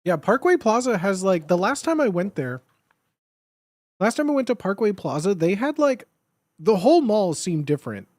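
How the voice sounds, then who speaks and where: A man's voice: sits high, very animated, normal speed, a little mellow, dry recording, studio quality. A young man streaming, chatting casually and rambling, with lots of fillers and restarts. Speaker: live streamer reading chat. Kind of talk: casual chat.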